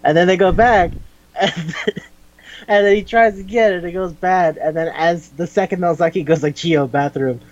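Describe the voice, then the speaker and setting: A man chatting casually on a podcast, retelling scenes with swearing and quick impressions of the characters. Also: sits high, dull audio. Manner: animated retelling with acted quotes, swears and laughs. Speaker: podcast host. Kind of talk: casual chat recapping an anime.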